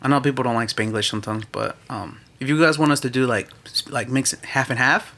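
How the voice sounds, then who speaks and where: Bright-voiced young man, easygoing podcast chat. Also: mid-range voice, fairly even intonation, fast, vocal fry, slight background noise. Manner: laid-back, mixes Spanish and English. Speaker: podcast co-host. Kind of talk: casual chat.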